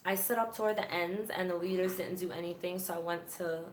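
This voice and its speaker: A woman hosting a livestream, chatting candidly about her past in a church group and reading viewer comments aloud, with a sarcastic, animated way of telling stories. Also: fairly low pitch, a little fast, echoey room.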